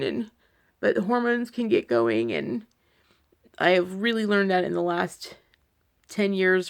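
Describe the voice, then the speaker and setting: Anxious woman vlogger with a gravelly voice. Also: fairly low pitch. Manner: anxious, rambling, many fillers like "like". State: scared, close to tears. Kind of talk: personal video diary. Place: indoors at home.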